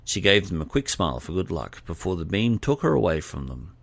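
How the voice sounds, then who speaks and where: A man reading scripted audiobook narration in a steady, expressive way. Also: low-pitched, fairly quick, vocal fry, no echo.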